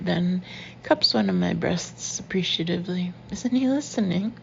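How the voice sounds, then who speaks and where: A woman reading a first-person story aloud in an intimate, often hushed and breathy manner. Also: on the low side, fairly even intonation, normal speed, muffled recording, a little hiss or hum. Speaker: audiobook narrator. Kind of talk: first-person audiobook narration.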